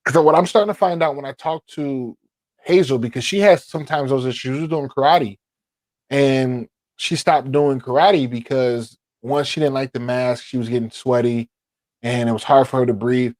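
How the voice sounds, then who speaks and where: A man co-hosting a podcast, a father giving advice in casual chat, thoughtful and halting with many fillers. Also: mid-range voice, darkish tone, no room sound.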